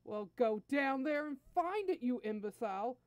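A proud, hot-tempered alien prince who snaps and sneers at his servant, as a woman reader puts him on. Every line is a scornful command. Dry, close storybook reading with a slightly high voice. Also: a little fast, a little mellow, no room sound, natural voice. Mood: angry.

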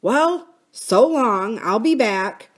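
A woman reading aloud, voicing a brave, practical schoolboy who calms the others in an earnest, steady voice. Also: on the high side, slow pace, voice pushed up. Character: boy, brave, practical and reassuring.

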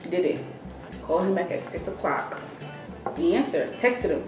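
Animated young woman telling a story. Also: lowish voice, normal speed, long pauses. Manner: animated, acts out quoted dialogue. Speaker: vlogger. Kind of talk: casual storytelling. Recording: roomy echo, distant mic, faint music.

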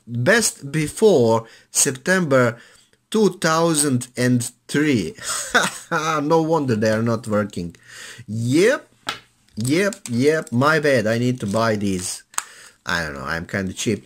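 Man, mid-pitched, easygoing hobbyist voice, loose and rambling with plenty of ums, talking gear at home. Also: fairly bright tone, slight background noise. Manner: laid-back, loose, many filler sounds, calls viewer "man". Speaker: hobbyist reviewing an old cassette recorder. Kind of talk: casual rambling review.

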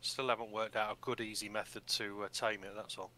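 A man's voice: lowish voice, flat delivery, a little fast, crowd noise. A man asking curious questions in casual chat.

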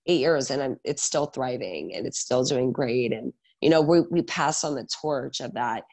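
A man in his thirties talks through his career on an interview podcast, lively and animated. His voice sits in an ordinary middle register, and he keeps checking in with the listener with a quick "right?". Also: medium pitch, creaky. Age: 30s. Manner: energetic, animated storytelling with many filler "like" and "right?". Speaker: guest, salon owner and educator.

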